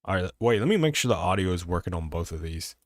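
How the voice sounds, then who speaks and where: A man's voice: low voice, sing-song, fast. A man giving casual gameplay commentary on a stream, rambling and swearing in frustration, talking into a desk microphone. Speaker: gaming streamer.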